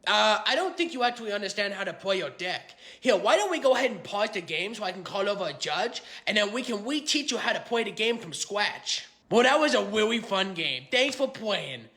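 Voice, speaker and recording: A man's voice: high-pitched, very animated, a little fast, hardly any pauses, sharp tone, pitched above the performer's own voice, heavily acted. A man playing a smug, boastful male hometown card-game champion, bragging and condescending. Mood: patronizing. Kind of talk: comedy skit.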